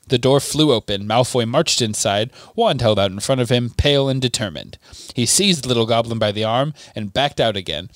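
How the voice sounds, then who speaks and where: A man co-hosting a podcast reads a novel aloud in a steady narrating voice, with offhand asides. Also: medium pitch, no echo. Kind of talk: casual read-aloud of a book.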